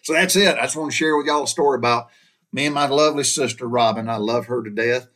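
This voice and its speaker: A man's voice: medium pitch, quick pace, fairly bright tone. A middle-aged man with a Southern American accent, telling a childhood story in a folksy, rambling way, often repeating and restarting his words. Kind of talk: casual personal storytelling.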